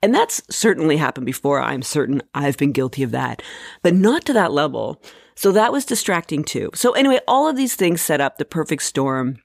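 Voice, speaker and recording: A woman's voice: deep voice, very animated, moderate pace, creaky, no room sound, clean studio sound. A woman comedian hosting a podcast, telling a personal story in a candid, reflective and self-deprecating way. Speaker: stand-up comedian and podcast host.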